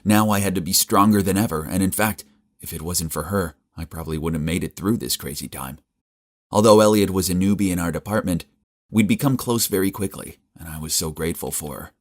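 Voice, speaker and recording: Earnest male storyteller with a low voice, first-person animated-story narration. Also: fairly quick.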